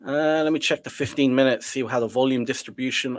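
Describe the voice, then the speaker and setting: A young man with a cold streams his day trading live, narrating casually and reading chat aloud to react to viewers. He sounds sniffly, speaking quickly in a medium-pitched voice with few pauses.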